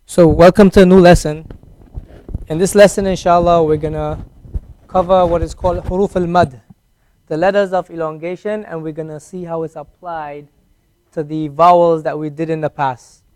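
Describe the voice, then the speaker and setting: Patient high-voiced male Arabic teacher. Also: steady tone, a little mellow. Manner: patient, repeats sounds slowly for learners. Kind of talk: classroom lesson at a whiteboard. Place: classroom.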